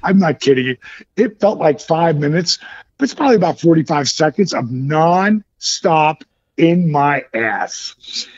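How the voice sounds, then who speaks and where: A man's voice: a little high, lively intonation, measured pace, breathy edge, dull audio. A man, a former wrestler, telling a profane story in a podcast interview with a lot of animation. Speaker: retired wrestler and yoga program founder.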